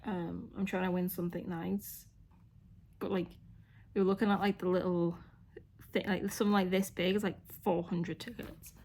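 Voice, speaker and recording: Rambling, chatty woman vlogging, low voice. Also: level tone, moderate pace, a little mellow, slight background noise. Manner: rambling, chatty, lots of "like" fillers. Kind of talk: casual chat to camera. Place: hotel room.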